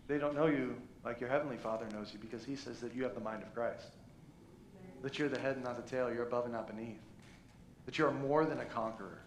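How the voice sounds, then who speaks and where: A man preaching a sermon as pastor, joking about himself and stumbling over restarts before driving home his scripture points. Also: fairly high pitch. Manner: playful, self-mocking, many restarts. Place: church. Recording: echoey church room.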